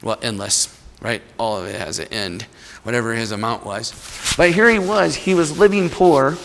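Guy giving a sermon, bright forceful voice, chatty, long hall echo. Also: mid-range voice, moderate pace, gravelly, a little hiss or hum. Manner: conversational, acts out little voices in his stories. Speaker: preacher.

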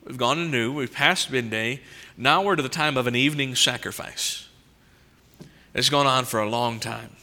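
A male preacher reading scripture aloud and commenting on it in an animated sermon, swinging between loud emphasis and quiet asides. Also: medium pitch, moderate pace. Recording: long reverb from a large hall.

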